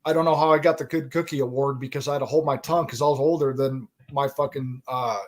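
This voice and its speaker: A man in his forties hosting a loose, casual chat. He is emphatic and swears freely, and he keeps turning to speak straight to his listeners. He talks at a middling pitch for a man. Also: steady tone, fast. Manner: profane, emphatic, addresses the audience. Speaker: host.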